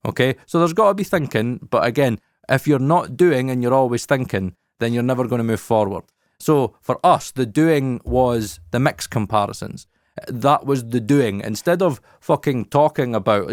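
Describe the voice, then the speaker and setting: A man's voice: mid-range voice, lively intonation, normal speed, dry recording. A man, co-hosting a podcast in casual chat, frank and emphatic, swearing often, close on a studio mic. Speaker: podcast co-host.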